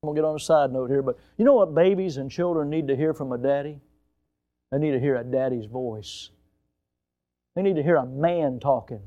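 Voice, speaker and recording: An older man, a pastor, preaching a sermon with emphatic rises and sudden quiet drops. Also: a little high, brisk, dull audio.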